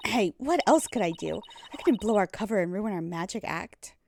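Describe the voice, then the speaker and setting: A woman voicing a brash, sharp-tongued young female magician who talks in a snappy, defiant, rude way. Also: medium pitch, animated, moderate pace, a little hiss or hum, lightly acted. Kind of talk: reading a game aloud with voices.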